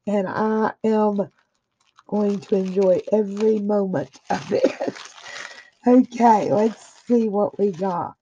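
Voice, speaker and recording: A woman's voice: medium pitch, takes it slowly, dark tone, slight background noise. A woman crafter in a casual unboxing chat, gushing with effusive praise while her throat is a little dry. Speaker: craft vlogger opening happy mail. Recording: dull lo-fi audio.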